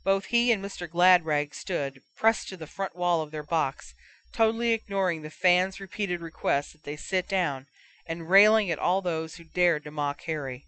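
A woman's voice: on the low side, moderate pace, fairly bright tone, clean tone. Woman reading a fan fiction audiobook. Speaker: audiobook narrator.

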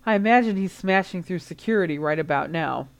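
Woman reader doing a gentle, soft-spoken ex-teacher, measured, storybook read. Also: fairly low pitch, lively intonation, gravelly. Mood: quiet. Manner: quiet, measured. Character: quiet, gentle grown man, a former teacher.

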